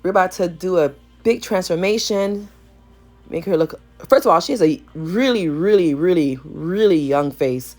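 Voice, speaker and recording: A woman hair stylist with a gravelly morning voice, chatting playfully to viewers in a salon vlog. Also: lowish voice, moderate pace, darkish tone, soft background music. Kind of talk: casual voice-over vlog chat. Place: salon suite.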